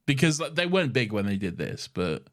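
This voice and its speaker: A man's voice: mid-range voice, fairly quick. A young man in his twenties co-hosting a casual podcast, reading listener emails and laughing often. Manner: giggly, animated, often laughs mid-sentence. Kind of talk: casual chat.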